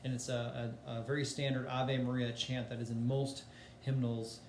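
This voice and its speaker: A man teaching music in a relaxed, chatty way, with filler words and sung demonstrations. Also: medium pitch, fast, echoey room.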